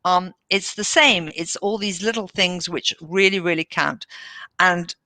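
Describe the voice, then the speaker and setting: Enthusiastic woman with a bright voice. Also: on the low side, measured pace, no echo. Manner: enthusiastic, animated, acts out quoted dialogue. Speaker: managing director, podcast guest. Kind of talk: casual interview storytelling.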